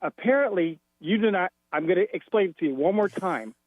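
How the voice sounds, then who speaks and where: A man's voice: high voice, brisk, no room sound. A man calling in to a radio show, retelling a quarrel and acting out both voices. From Florida. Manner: animated storyteller acting out both sides of a quarrel. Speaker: caller. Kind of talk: telling a story on a radio call-in. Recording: tinny phone line, dry.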